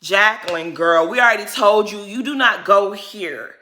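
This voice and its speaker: A woman's voice: mid-range voice, moderate pace, bright, forceful tone. A woman giving a casual, blunt and sassy recap of a reality show, with plenty of cursing.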